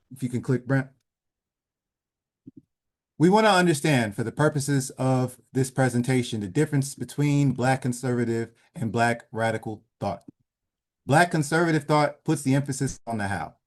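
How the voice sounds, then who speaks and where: Man presenting slides on a video call. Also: medium pitch. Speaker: presenter leading an online session. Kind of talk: lecture-style presentation over slides.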